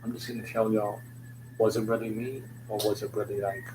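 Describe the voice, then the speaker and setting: Low flat-voiced young guy rambling on camera, slangy and jokey, humming noise behind. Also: a little fast. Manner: meandering, joking, slangy, swears. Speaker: vlogger. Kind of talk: rambling stream-of-consciousness vlog. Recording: noticeable background hum.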